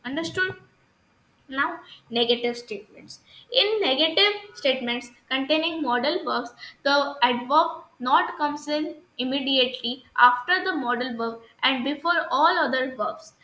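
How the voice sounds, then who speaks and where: Indian English woman, grammar teacher, halting delivery, sharp bright tone. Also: high voice, echoey room, poor audio. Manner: hesitant, many fillers and restarts, asks "understood?". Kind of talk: recorded grammar lesson.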